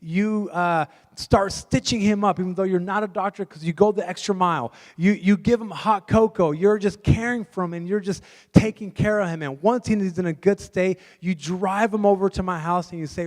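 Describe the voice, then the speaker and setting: High-voiced pastor in an echoing church. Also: male voice, fairly even intonation, moderate pace. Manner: conversational storytelling, acting out quoted voices. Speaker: guest pastor. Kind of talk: sermon. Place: church sanctuary.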